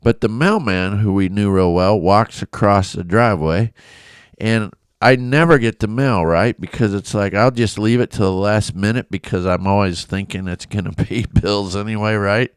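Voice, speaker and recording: A man preaching a devotional Bible talk as a pastor, telling a personal story with animated energy and frequent chuckles. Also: fairly low pitch, normal speed, clean tone, dry recording.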